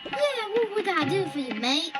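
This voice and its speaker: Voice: extremely high pitch, very animated, moderate pace. A child voicing a friendly shopkeeper in a phone game who keeps calling the customer mate. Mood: easygoing. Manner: easygoing, says mate a lot. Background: cheerful game music.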